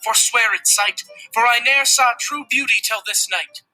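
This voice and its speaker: A man's voice: very high-pitched, moderate pace, bright, forceful tone, voice pushed up, full character voice. Guy doing lovesick romeo reading verse, far-off with faint music behind. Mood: awestruck. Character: lovestruck young man Romeo.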